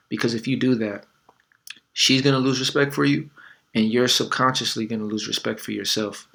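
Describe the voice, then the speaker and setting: Guy with a gravelly voice giving laid-back relationship advice, chatty, lots of fillers. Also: mid-range voice, fairly bright tone. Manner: conversational, many fillers and acted quotes. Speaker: dating coach. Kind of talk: casual advice talk.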